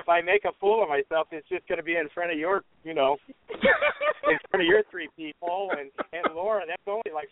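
A man auctioneer telling folksy, joking stories in a casual interview. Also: a little high. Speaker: auctioneer guest. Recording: tinny phone line, dry.

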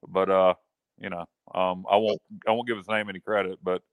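A man's voice: deep voice, level tone, brisk, smooth, dry recording, narrow, tinny audio. A man co-hosting a casual sports chat show, joking and self-mocking. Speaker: podcast co-host.

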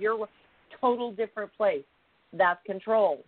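A woman co-hosting a talk show, telling a story in a casual, animated way and acting out the people in it. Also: medium pitch, measured pace, no room sound. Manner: animated, acts out quoted voices. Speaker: co-host. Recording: tinny phone-like line.

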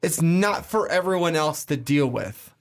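Young chicago dude on a podcast, bit high voice, hammers his point over and over. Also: expressive, unhurried. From Chicago, USA. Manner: emphatic, repetitive, laughs easily. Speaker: podcast co-host. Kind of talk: casual chat.

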